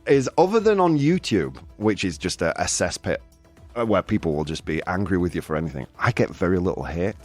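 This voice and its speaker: A man hosting a casual live-streamed chat show, jokey and animated, reading viewer comments aloud. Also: low voice, brisk, soft background music. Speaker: show host.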